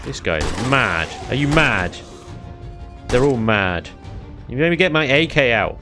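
A man's voice: mid-range voice, sing-song, measured pace, music in the background. A man giving casual let's-play commentary, chatting along, exclaiming at finds and taunting enemies. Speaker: gaming YouTuber.

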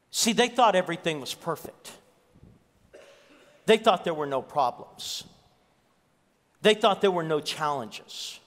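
A man preaching a sermon as pastor, an animated storyteller who acts out the dialogue. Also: a little high, a little slow. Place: church sanctuary. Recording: reverberant church hall.

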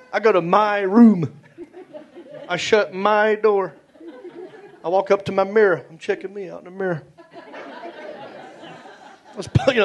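A middle-aged man with a Southern American accent, telling stand-up stories in a drawling, animated way. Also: high voice. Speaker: stand-up comedian. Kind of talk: stand-up storytelling. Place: comedy stage before a live audience. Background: audience laughter.

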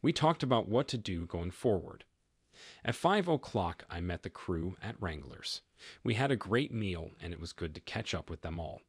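A man's voice: low-pitched, animated, moderate pace, breathy edge, no echo, studio quality. A man narrating a first-person story in a plain, matter-of-fact way.

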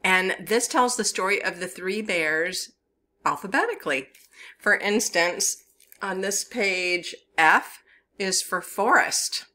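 A woman's voice: mid-range voice, slow pace, bright, forceful tone. A woman with a Southern US accent leading a children's story time as a librarian, talking in a playful, sing-song way and coaxing young listeners to join in.

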